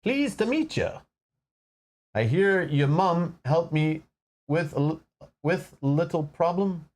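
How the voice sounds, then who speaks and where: A man's voice: a little high, expressive, takes it slowly, darkish tone, pitched above the performer's own voice. A man voicing a cheerful, swaggering dwarf woman with a stumbling attempt at a folksy accent. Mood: cheery.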